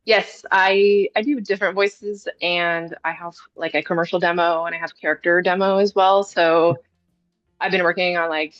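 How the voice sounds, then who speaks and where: A woman's voice: on the low side, steady tone, normal speed, a bit bright, dry recording, lo-fi sound, faint music behind. A young woman from California, a voice actress, chatting casually and giggling, with lots of "like", on a video call. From California, USA. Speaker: voice actress guest. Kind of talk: casual interview chat.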